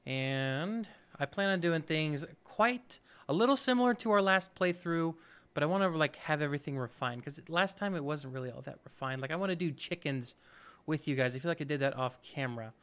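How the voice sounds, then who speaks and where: A man's voice: a little high, fairly quick, fairly bright tone, smooth. A man hosting a let's play, giving upbeat, chatty gameplay commentary and thinking aloud as he goes.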